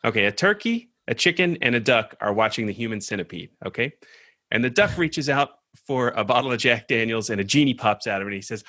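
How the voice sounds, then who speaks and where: A man co-hosting a comedy podcast, telling a joke with lively storytelling. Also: mid-range voice, fast talker. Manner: lively storytelling with character voices. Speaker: podcast co-host.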